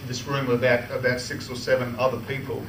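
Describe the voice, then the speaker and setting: A fast-talking Australian speaker with a fairly bright, mid-range voice and little pitch movement tells a funny story from his own life at a club meeting. He restarts often and laughs as he chats; the meeting-room recording is far off, roomy, and noisy.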